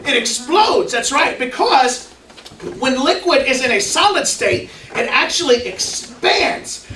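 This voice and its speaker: A man's voice: extremely high pitch, lively intonation, slow, pushed and bright. A man performing a comedic science skit for children, playfully asking the kids questions and cheering their answers. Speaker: children's ministry presenter. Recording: echoey room, mic far off, faint noise.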